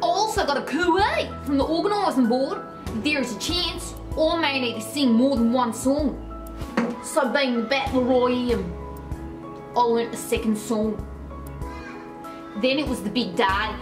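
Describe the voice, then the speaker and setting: A woman's voice: high voice, a little slow. A woman voicing a brash young Australian battler narrating her own story, with a broad Australian accent and slangy storytelling. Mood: determined. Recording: roomy echo over loud music.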